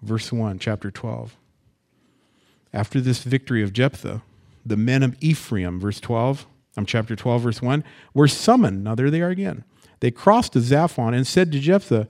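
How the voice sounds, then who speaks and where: A man from the US West Coast teaching a Bible passage verse by verse as a pastor, folksy and animated, with plain-spoken asides and stories. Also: medium pitch, moderate pace.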